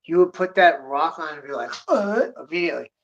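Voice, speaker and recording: A man telling rambling stories in a casual rant, swearing constantly and sliding between mutters and loud bursts. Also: fairly high pitch, quick pace, gravelly. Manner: drops to a mutter, then rises in bursts. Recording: dull lo-fi recording.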